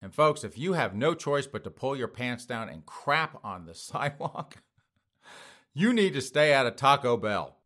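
Male commentary host, bright tone, sarcastic, mocking delivery. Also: medium pitch, sing-song, normal speed. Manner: mocking, sarcastic, chuckles often; addresses listeners as folks. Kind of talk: casual news commentary.

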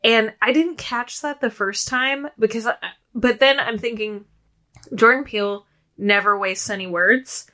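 A woman co-hosting a podcast, chatting casually about a film, with lots of "like" and quick restarts. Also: fairly high pitch, sharp tone. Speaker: podcast co-host.

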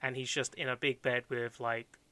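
A man co-hosting a podcast in casual chat, quick and animated, laughing often. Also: mid-range voice, clean tone, no room sound. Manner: fast, laughing, animated storytelling. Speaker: podcast co-host.

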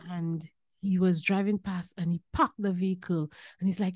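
Lively Saint Lucian woman telling stories. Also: medium pitch, normal speed, dry recording, studio quality. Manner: animated, laughing, lapses into Caribbean phrasing. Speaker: podcast guest. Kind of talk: casual storytelling chat.

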